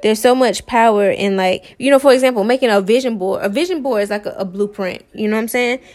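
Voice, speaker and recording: This tarot reader's voice runs on the high side, quick and somewhat dark in tone. She loosely cheers on her viewers in a casual pep talk, saying "y'all" and "man" a lot and circling back over the same phrases.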